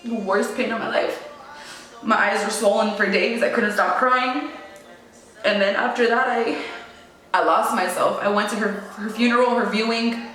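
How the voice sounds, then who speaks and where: A woman's voice: a little high, fairly even intonation, normal speed, fairly bright tone. A young woman sharing a painful personal story in casual, slangy talk full of "like" and "yo". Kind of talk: emotional personal testimony. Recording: very echoey room with faint music.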